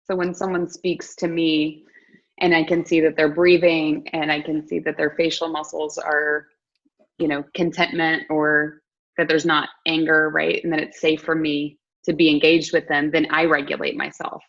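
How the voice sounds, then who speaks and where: A woman hosting an interview, adding calm, reflective thoughts and agreeing with her guest. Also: deep voice, normal speed, vocal fry, lo-fi sound. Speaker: host. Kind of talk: casual interview chat.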